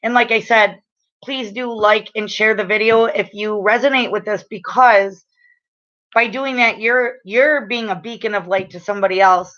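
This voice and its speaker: A woman giving a casual live-stream oracle card reading, rambling with lots of fillers and restarts, and getting loud and excited as she talks. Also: mid-range voice, normal speed, muffled recording. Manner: excitable and loud when enthused.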